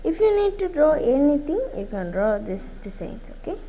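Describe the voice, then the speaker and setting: A woman's voice: high voice, sing-song, normal speed, warm tone, a little hiss or hum, poor audio. A woman giving a step-by-step drawing tutorial in simple, repeated instructions.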